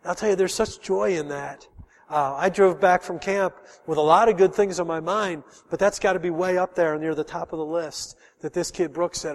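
A man's voice: sits high, fairly even intonation, moderate pace, big-room sound. A middle-aged man preaching a sermon as pastor, telling a personal story in an earnest, emotional way.

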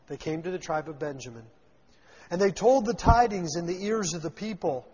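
A man's voice: high voice, a little mellow, slightly rough. A man teaching a Bible passage verse by verse, reading the old text and then retelling it in everyday words with voiced lines for the people in it. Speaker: preacher teaching scripture. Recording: dull lo-fi sound with long hall reverb.

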